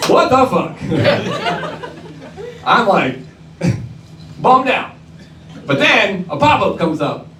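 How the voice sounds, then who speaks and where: A man's voice: high-pitched, very animated, drawn-out words, long pauses, noisy background. A man doing a stand-up comedy set in a club, telling brash, swearing stories with quoted voices. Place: comedy club stage before a live audience. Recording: roomy club recording from a distance, crowd laughter.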